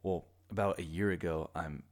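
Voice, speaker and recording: A man from Orange County, California, hosting a podcast and telling a personal story in casual chat, animated and acting out the people he quotes. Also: sits low, moderate pace. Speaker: podcast host.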